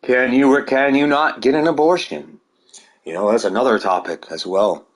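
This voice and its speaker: A man's voice: medium pitch, moderate pace. A man delivering a rambling, heated monologue full of swearing. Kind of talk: ranting monologue.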